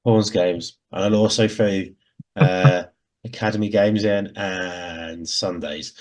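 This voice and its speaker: A man's voice: low-pitched, steady tone, takes it slowly, a little mellow. A man with an English Midlands accent co-hosting a casual podcast, bantering and laughing often. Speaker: podcast co-host. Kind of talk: casual chat.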